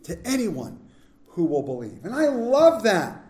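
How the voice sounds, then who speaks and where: A man pastor preaching a sermon, swinging between loud, emphatic lines and hushed, slow ones. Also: high voice, huge pitch swings, echoey room.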